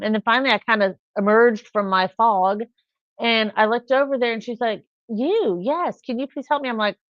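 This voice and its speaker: A woman's voice: on the high side, moderate pace, fairly bright tone, dry recording. A woman hosting a casual live chat, telling rambling everyday stories. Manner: chatty, rambling storyteller. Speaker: live stream host. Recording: dull lo-fi sound.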